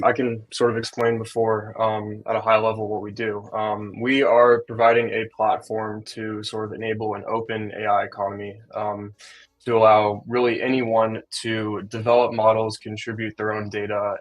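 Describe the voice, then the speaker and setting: A young man in his twenties walks through a technical product presentation. His voice sits low and stays flat. He hesitates often and fills his pauses with "um.". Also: low-quality recording. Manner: hesitant, many "um" fillers. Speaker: guest presenter.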